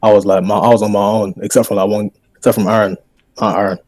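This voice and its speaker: A man talking quickly and casually in a podcast chat. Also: on the low side, level tone, darkish tone, no room sound. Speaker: podcast guest editor.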